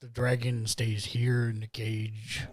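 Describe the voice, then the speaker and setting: A man's voice: mid-range voice, completely flat delivery, slow pace, no echo. Man voicing a timid kobold, broken third-person speech, eager to help, dry close voice. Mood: earnest.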